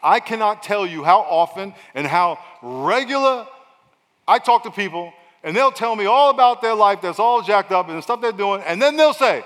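A middle-aged man preaching in a big church hall, his voice slightly high and very bright. He switches between fiery shouting and relaxed, chatty asides. The sound reverberates long through the hall. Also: normal speed. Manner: energetic preaching, swinging from loud shouts to quiet asides. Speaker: pastor. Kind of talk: sermon. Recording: long echo of a large hall.

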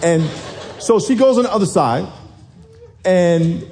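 A man in his forties, a little hoarse, telling a lively football story to a congregation, dropping low then shouting high. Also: measured pace. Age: 40s. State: hoarse from yelling. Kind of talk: animated storytelling sermon.

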